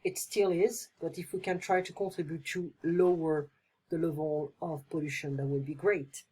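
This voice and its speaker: Husky-voiced woman teaching English. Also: sits low, fairly even intonation, moderate pace, warm tone. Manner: chatty, explaining phrases with playful examples. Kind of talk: casual online lesson.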